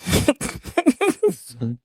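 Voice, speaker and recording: A woman's voice: fairly high pitch, wildly swooping pitch, drawn-out words, darkish tone, breathy edge, no echo. Lady hosting a podcast, teasing, laughs a lot, dry close sound. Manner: teasing, laughs often, bossy with her co-host. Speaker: podcast host. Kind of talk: casual chat.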